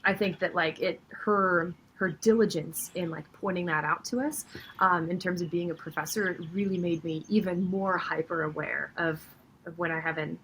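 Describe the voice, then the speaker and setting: Lower-voiced woman with a Minnesota accent. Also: fairly even intonation, moderate pace, fairly bright tone, a little hiss or hum, low-quality recording. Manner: thoughtful, chatty, laughs often. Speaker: podcast guest, commentator and voice actor. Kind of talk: casual chat.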